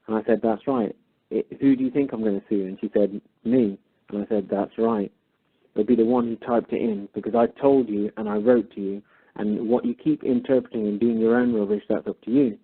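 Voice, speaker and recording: Husky man on a phone line. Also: on the low side, steady tone, brisk. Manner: retells a phone call, acting out both sides. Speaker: caller. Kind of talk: casual storytelling.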